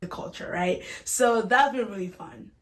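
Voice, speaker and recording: A woman's voice: medium pitch, normal speed. A young woman from Puerto Rico with an Atlanta-style American accent, talking in an upbeat, chatty way with lots of likes. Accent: American, Atlanta-influenced. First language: Spanish. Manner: upbeat, chatty, says like a lot. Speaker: vlogger. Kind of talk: casual vlog.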